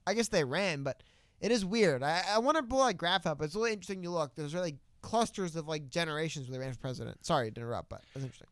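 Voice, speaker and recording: A man's voice: on the high side, animated, fast talker, a bit bright, no echo. A man co-hosting a casual political podcast, talking in a loose, rambling way. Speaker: podcast co-host.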